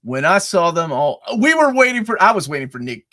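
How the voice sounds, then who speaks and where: A man co-hosting a casual movie review, excitable and laughing often. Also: fairly high pitch, fairly quick, crowd noise. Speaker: podcast co-host.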